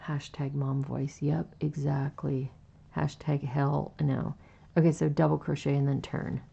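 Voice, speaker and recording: Slow, raspy low-voiced woman streamer. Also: little pitch movement, lo-fi sound. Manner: slow, gentle, chatty with fillers, reading out chat. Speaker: crochet livestream host. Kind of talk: casual chat while crocheting.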